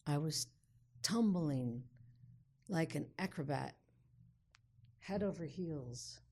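A woman telling a personal story aloud in an unhurried, vivid way with dramatic pauses. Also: deep voice, animated, dark tone.

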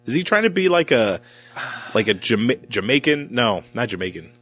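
A man's voice: medium pitch, big pitch swings, normal speed, a bit bright. A man co-hosting a casual movie podcast, wry and laid-back with some swearing. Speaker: podcast co-host. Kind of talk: casual movie review chat.

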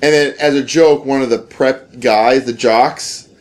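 A man's voice: mid-range voice, fairly even intonation, unhurried. A young man casually telling a rambling story with lots of fillers, laughing often.

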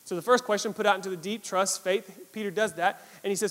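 High-pitched pastor guy preaching, animated and repetitive, big echoey church hall. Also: fast talker, few pauses. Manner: animated, repetitive emphasis, acts out quotes. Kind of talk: sermon.

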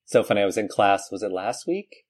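A man from New York hosting a casual podcast, with a fairly low voice. He talks in a chatty, relaxed way, tells stories freely and laughs easily. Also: fairly quick. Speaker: podcast host.

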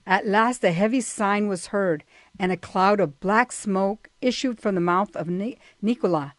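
A woman co-hosting a talk show, reading a story aloud in a steady way and murmuring agreement. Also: mid-range voice, measured pace, no echo. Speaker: co-host.

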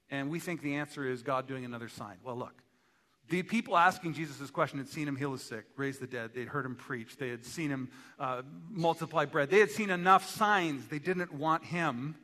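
Bright-voiced preaching man in a hall. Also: medium pitch, brisk. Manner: animated, emphatic preaching with acted quotes. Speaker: pastor. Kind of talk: sermon.

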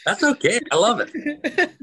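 A man's voice: very high voice, big pitch swings, measured pace, gravelly, low-quality recording. An older man, a retired hockey player, chatting casually with fans, telling stories with many repeats and fillers. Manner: warm storyteller, repeats words, many fillers.

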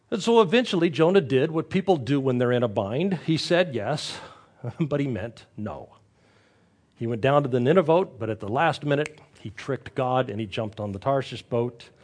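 Wry, animated male preacher. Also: medium pitch. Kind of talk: storytelling sermon.

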